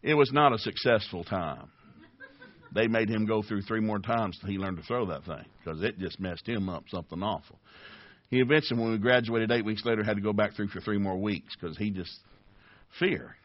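A man's voice: lowish voice, normal speed, no echo. Folksy older male preacher, dull audio. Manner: folksy storytelling, animated. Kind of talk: sermon.

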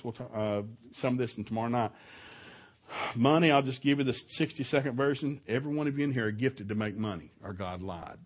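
A middle-aged man giving a preaching talk at a marriage seminar in a church, telling stories with lively shouted quotes and frequent chuckles. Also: mid-range voice, slightly rough. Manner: animated storytelling, shouts out quoted lines, chuckles often. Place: church hall, live session.

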